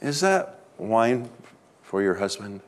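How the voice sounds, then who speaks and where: A man voicing his wife, a gentle and bold woman, in a soft and earnest tone. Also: fairly low pitch, big pitch swings, takes it slowly.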